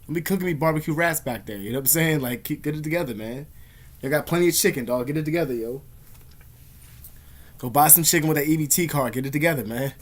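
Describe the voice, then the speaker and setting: A man's voice: fairly high pitch, quick pace. A man ranting casually to camera in rambling, profane slang. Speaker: vlogger.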